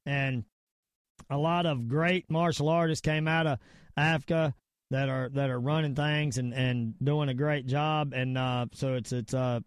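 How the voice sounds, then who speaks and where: A man's voice: mid-range voice, steady tone, measured pace, clean tone, dry recording. Rambling middle-aged Southern man, dry sound. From Virginia / North Carolina area, US. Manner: rambling, repeats words, emphatic. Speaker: podcast host. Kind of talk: casual podcast rant and sign-off.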